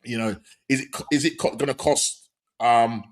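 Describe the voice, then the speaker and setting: Excitable football podcast host. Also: male voice, mid-range voice, moderate pace. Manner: excitable, repeats shout-outs. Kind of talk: casual football chat.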